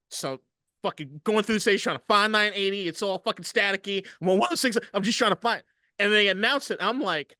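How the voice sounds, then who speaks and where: A man co-hosting a casual sports podcast, telling stories in a profane, animated way. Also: high voice, brisk, no echo, studio quality. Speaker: podcast co-host.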